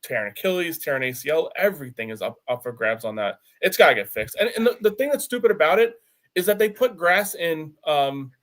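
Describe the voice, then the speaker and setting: A man's voice: fairly high pitch, lively intonation, fairly quick, a bit bright. A man co-hosting a casual sports talk show, often repeating words as he searches for them. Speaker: podcast co-host.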